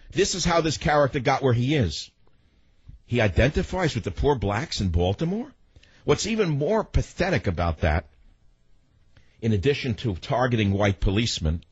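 A man's voice: mid-range voice, breathy edge, dry recording, lo-fi sound. A man hosting a political talk radio show, delivering a combative, ranting monologue full of rhetorical questions. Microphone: studio microphone.

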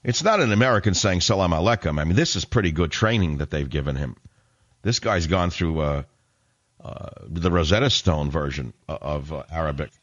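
Deep-voiced man ranting on talk radio. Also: expressive, brisk, muffled recording. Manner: sarcastic, indignant, ranting. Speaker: radio talk show host. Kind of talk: combative talk radio monologue.

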